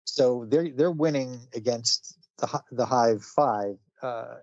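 A man's voice: mid-range voice, slow, no echo, muffled recording. A man casually retelling a comic book story on a podcast, chatty, with many fillers and frequent laughs. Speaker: podcast co-host.

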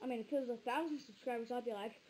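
A woman's voice: a little high, very fast, heavy background noise. A woman chatting casually in a vlog, rambling and stammering over repeated words. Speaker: vlogger.

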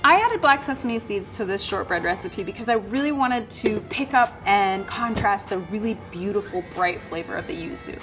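A woman pastry chef talks through her recipe in a relaxed, step-by-step way. Her voice sits at a middle pitch, and music plays clearly behind her. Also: moderate pace, few pauses. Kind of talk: cooking demonstration talk. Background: background music.

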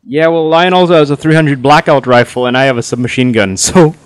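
A man co-hosting a game playthrough, excitable and full of crude jokes. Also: medium pitch, fairly quick, clear, resonant tone. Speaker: gamer co-host. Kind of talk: casual gaming banter.

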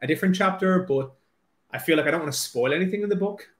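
Irish man, nervous self-deprecating chatter, slightly high voice, roomy echo. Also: fast. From Ireland. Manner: self-deprecating, nervous, many filler likes and restarts. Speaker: author. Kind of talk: casual chat, then reading aloud.

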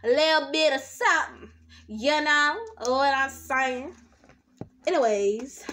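A woman's voice: sits high, slow pace, pushed and bright, a little hiss or hum. A young woman chatting casually to her camera in a rambling, self-talking vlog, drawing out her words. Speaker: slime vlogger. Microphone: camera set up nearby.

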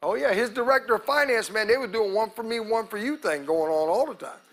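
A male pastor preaching a sermon to his congregation, calling out to them and acting out quotes, breaking into loud shouts at the peaks. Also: sits high, lively intonation, a little fast. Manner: preaching with call-outs to the congregation, acts out quotes. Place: church sanctuary.

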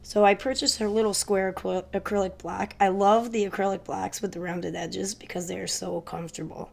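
Gravelly, stuffy-voiced woman vlogger. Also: medium pitch, steady tone, a little mellow. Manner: chatty, hurried, addresses viewers directly. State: stuffy from a cold. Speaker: crafting vlogger. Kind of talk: casual haul video chat.

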